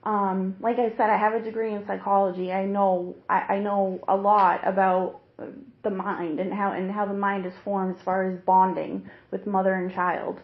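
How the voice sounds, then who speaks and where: A woman's voice: mid-range voice, level tone. Young woman recounting an ordeal, roomy lo-fi. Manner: halting, earnest, many restarts. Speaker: interviewee, new mother. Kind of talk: emotional personal account. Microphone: hidden recorder. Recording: roomy, dull lo-fi secret recording.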